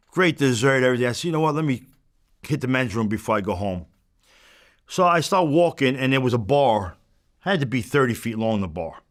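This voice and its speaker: A man's voice: medium pitch, fairly bright tone. A man in his seventies, an interview guest telling a blunt, profane anecdote in punchy, casual storytelling. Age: 70s.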